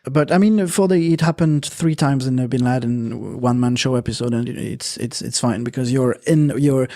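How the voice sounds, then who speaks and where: A man's voice: mid-range voice, moderate pace, warm tone. A man hosting a podcast in casual chat, speaking hesitantly with many filler sounds and restarts. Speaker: podcast host and editor.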